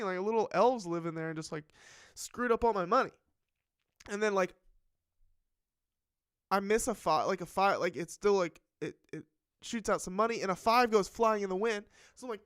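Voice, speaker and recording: A man's voice: sits high, fairly bright tone, clear, resonant tone, dry recording, clean studio sound. A man hosting a live stream, chatting casually and telling a rambling story with plenty of swearing. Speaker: livestream host. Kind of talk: casual livestream chat.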